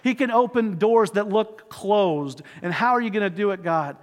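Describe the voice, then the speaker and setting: A male pastor delivers an earnest, emotive sermon story and then a heartfelt prayer. His voice sits high for a man. It rings with the long reverb of a church sanctuary. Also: moderate pace. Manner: earnest, emotive retelling with shifting pace.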